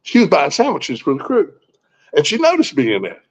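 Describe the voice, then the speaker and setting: His pitch swooping wildly from a high-leaning base, a man in his sixties talks fairly quickly through a personal story as a guest. The telling is folksy and blunt, with plenty of swearing and restarted sentences, and the recording is muffled and lo-fi.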